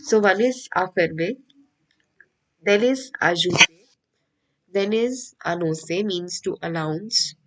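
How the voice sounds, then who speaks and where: A woman's voice: on the low side, rough recording. Indian woman teaching French online. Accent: Indian English. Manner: patient, repeats each point slowly. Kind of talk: online class lecture.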